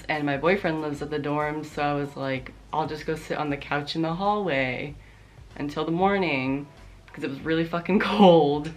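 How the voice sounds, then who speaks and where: Low-voiced young woman telling a sarcastic storytime. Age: young adult. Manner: profane, sarcastic, animated retelling. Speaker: vlogger. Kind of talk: casual storytime vlog.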